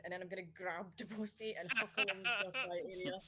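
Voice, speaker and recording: A woman's voice: mid-range voice, fairly even intonation, quick pace, bright, forceful tone, breathy edge. A woman playing a tabletop role-playing game, earnestly describing her character's actions. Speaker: player. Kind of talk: casual tabletop play.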